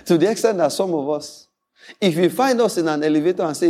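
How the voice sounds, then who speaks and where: A man's voice: high-pitched, brisk, long pauses. A male pastor preaching a sermon, telling stories with acted-out voices and frequent laughter. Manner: animated storytelling preacher, acts out quoted voices, laughs often.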